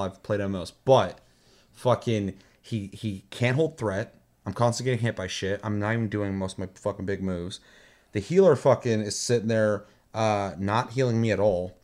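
Profane, rambling gamer man, low voice. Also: normal speed, a little mellow. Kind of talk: casual gaming chat.

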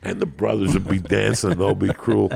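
A man guesting as a comedian on a podcast, telling rambling, profane stories in an animated way. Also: low-pitched, normal speed. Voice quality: gravelly. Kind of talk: comic storytelling on a podcast.

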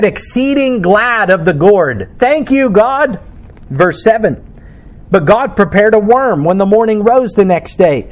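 A man's voice: high-pitched, a little mellow. A man preaching a sermon as pastor, reading scripture and explaining it with emphatic delivery.

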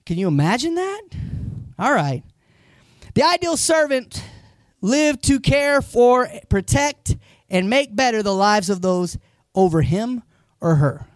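A man's voice: very high-pitched, slow, pauses often, dry recording, studio quality. A man preaching a sermon as a pastor, talking conversationally and putting questions straight to the congregation. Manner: animated storytelling.

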